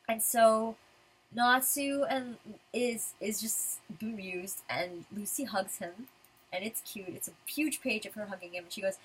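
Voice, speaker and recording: A woman's voice: mid-range voice, unhurried, breathy edge, rough recording. A woman talking casually while reading through a manga chapter, chatty and full of fillers. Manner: chatty, filler-heavy fan talk. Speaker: manga reviewer.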